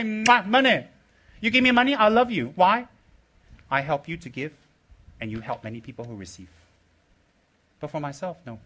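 Man, Buddhist teacher, informal talk, bright ringing tone, jokey, blunt. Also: medium pitch. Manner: teasing, jokey, blunt short phrases.

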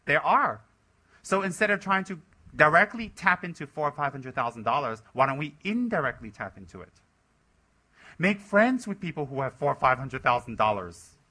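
A man's voice: fairly high pitch, sharp tone. A man, a Buddhist teacher, giving a dharma talk to his center's members, exhorting and scolding them and mocking their excuses in put-on voices.

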